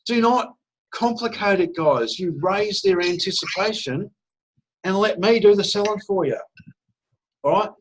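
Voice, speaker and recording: A man with a high-sitting voice speaks a little slowly on a rough recording, giving a persuasive sales pitch on a video call during an online business meeting. Enthusiastic and conversational, he acts out phone calls.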